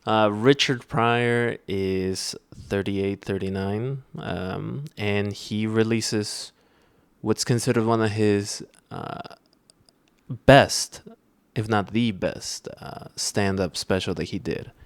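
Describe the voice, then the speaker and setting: Slow, low-voiced young man chatting. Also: fairly even intonation, clean tone, dry recording. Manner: rambling with many fillers and restarts. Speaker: podcast host. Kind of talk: casual chat.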